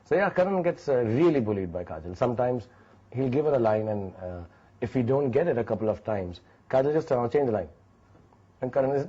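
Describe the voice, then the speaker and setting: A man, an actor in an interview, telling animated anecdotes and acting out what others say. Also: medium pitch, fast talker, slightly rough, highs cut off. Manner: animated, acts out quotes.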